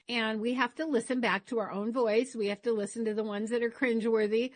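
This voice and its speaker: Bright-voiced woman coaching on a podcast. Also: a little high, moderate pace, few pauses, dry recording. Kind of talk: casual chat.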